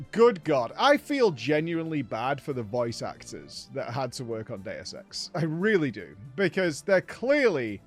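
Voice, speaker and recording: A man hosting a casual gaming recap, telling the story with laughs and acted-out quotes. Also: fairly high pitch. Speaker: gaming streamer host.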